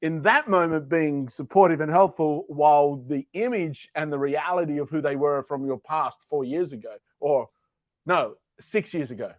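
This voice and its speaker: A man co-hosts a live author interview, chiming in playfully and keeping the talk upbeat. His voice is fairly high for a man, and the sound is dry and close. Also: normal speed, dry recording. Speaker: co-host.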